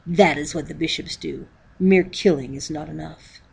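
A woman reading aloud as a stern male church elder who tells a grim story slowly and darkly. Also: fairly low pitch, steady tone, close to an everyday voice. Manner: slow and dark, graphic telling.

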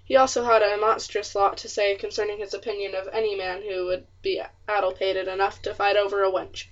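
A woman's voice: mid-range voice, level tone, fairly quick, muffled recording, lightly acted. Woman voicing a blunt, smug young colonial man. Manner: blunt, matter-of-fact, old-fashioned speech.

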